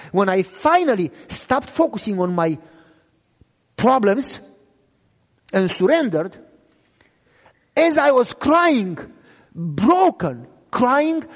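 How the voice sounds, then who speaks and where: A young man who speaks English as a second language preaches an emotional sermon testimony, swinging between loud cries and hushed, low lines. The recording carries echoey hall reverb.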